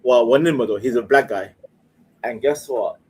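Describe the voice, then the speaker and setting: A man on a live call-in panel, talking in crude, excitable banter and stammering repeats. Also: mid-range voice, normal speed, husky.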